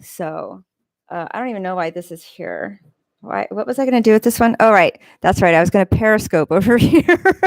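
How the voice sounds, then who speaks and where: A woman's voice: medium pitch, no room sound. A woman hosting a casual livestream from home, reading viewers' comments aloud and rambling between asides. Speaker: livestream host. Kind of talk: casual live-stream chat. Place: home room with a fan running. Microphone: desk microphone.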